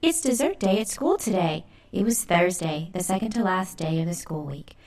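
A woman's voice: fairly low pitch, expressive, moderate pace, a little mellow. Woman narrating a children's story.

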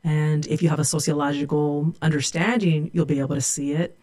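Professor guest, woman; warm reflective storyteller. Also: sits low, flat delivery, brisk. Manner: earnest, reflective storytelling with quoted dialogue. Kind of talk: storytelling interview.

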